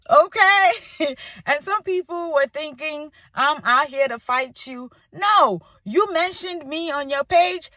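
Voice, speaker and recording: A woman's voice: sits high, sharp tone, dry recording. A young adult woman who makes food videos, talking to camera in a playful, teasing, chatty way. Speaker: food content creator. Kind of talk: direct-to-camera response vlog.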